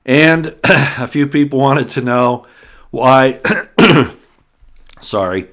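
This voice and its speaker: A man's voice: mid-range voice, lively intonation, very slow, fairly bright tone. A middle-aged man hosting a solo political commentary show, talking emphatically with frequent restarts and repeated words, pushing harder on his key points.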